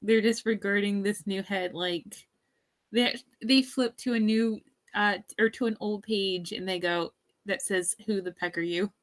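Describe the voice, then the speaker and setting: A woman playing in a tabletop game, describing her character's actions with halting, repeated words. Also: mid-range voice, fairly even intonation, poor audio. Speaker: player. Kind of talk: tabletop play chat.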